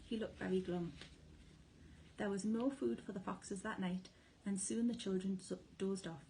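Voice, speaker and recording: Woman, teacher, storybook read-aloud, expressive, mellow, faint hiss. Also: medium pitch, moderate pace, poor audio. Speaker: primary school teacher.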